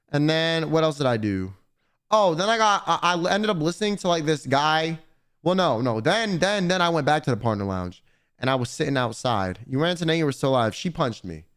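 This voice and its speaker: A man's voice: fairly high pitch, a bit bright, smooth. A man streaming live, casually telling a long convention story to his chat, rambling and swearing a lot.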